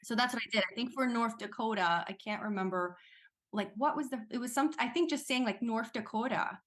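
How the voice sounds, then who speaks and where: A woman actress, a guest in a casual interview, talking in a chatty, animated way with quick laughs. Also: on the high side.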